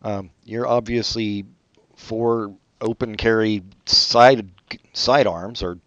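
Low, deadpan sarcastic man. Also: slow pace, dry recording, lo-fi sound. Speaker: podcast co-host. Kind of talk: casual chat.

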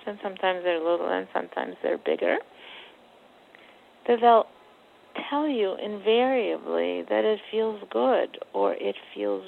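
Slow, gravelly woman on a phone line. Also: mid-range voice, a little hiss or hum. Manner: measured, searching, many fillers. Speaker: psychotherapist. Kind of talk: phone interview. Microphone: telephone.

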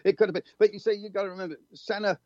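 An older man tells racing anecdotes with chuckling asides, and his voice sits a little high. His remote line sounds slightly dull, and the sound is dry. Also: fairly even intonation, racing, a little mellow, dry recording. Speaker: motorsport journalist and regular guest. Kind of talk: casual chat.

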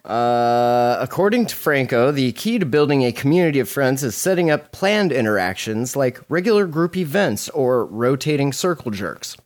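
A man co-hosting a casual podcast, reading articles aloud and dropping crude deadpan jokes between passages. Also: mid-range voice, normal speed, few pauses. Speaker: podcast co-host.

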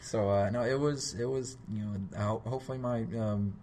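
Deep-voiced young man, modest and halting. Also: fairly even intonation, warm tone. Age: young adult. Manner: modest and halting, laughs at himself. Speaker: student intern, guest. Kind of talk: casual interview answers.

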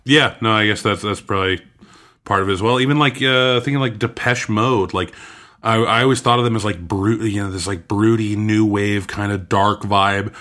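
A man in his thirties in relaxed casual chat, sometimes humming tunes to make a point. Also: lowish voice, moderate pace. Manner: relaxed, chatty, mimics tunes with silly "do do" sounds.

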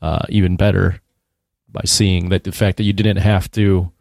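A man's voice: low-pitched, level tone, normal speed, vocal fry, darkish tone, no room sound, studio quality. A man co-hosting a casual podcast chat, starting his points hesitantly.

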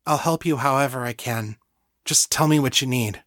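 A man voicing a friendly, guilt-ridden young woman with psychic powers, speaking softly and earnestly. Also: medium pitch, normal speed, no room sound, clean studio sound, lightly acted. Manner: soft, earnest.

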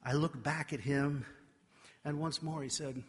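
A man preaching a sermon, telling a childhood story with animated, self-mocking delivery before turning to scripture. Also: on the high side, unhurried, breathy edge. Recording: long reverb of a large hall.

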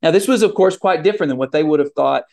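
A man's voice: fairly high pitch, fast talker, gravelly, a little mellow. A man preaching a communion sermon in an earnest, emphatic way, with fillers and restarts.

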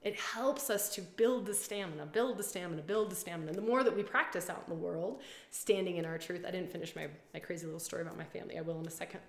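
A woman leading a women's community, talking casually on a live stream, animated, swearing freely and repeating her phrases. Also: on the low side, quick pace, gravelly, reverberant. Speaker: women's circle and retreat leader.

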